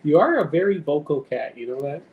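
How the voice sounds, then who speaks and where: A man's voice: on the high side, big pitch swings, brisk, phone-quality sound. A man rambling casually on a live stream at home, swearing now and then and talking to his cat. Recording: roomy with faint background noise.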